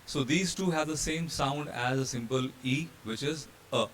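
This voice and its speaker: Indian male instructor, mid-pitched, patient slide-by-slide explainer, faint hiss behind. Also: normal speed, fairly bright tone. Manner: explanatory, with fillers and restarts, spelling out letters. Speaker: hotel training instructor. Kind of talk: slide-based pronunciation lesson.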